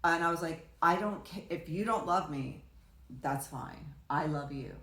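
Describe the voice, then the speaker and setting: A woman's voice: low-pitched, measured pace, fairly bright tone. A woman talking casually as a podcast guest, a rambling storyteller who restarts often and acts out quotes. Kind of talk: casual conversation. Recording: roomy echo.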